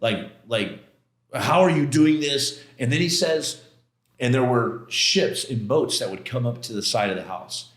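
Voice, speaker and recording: Middle-aged male podcast guest, intense and emotional storyteller, slangy, mid pitch, echoey room. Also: lively intonation, unhurried. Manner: intense, emotional retelling with many quoted exchanges and restarts; casual slangy phrasing. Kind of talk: personal storytelling in a podcast interview. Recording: roomy echo.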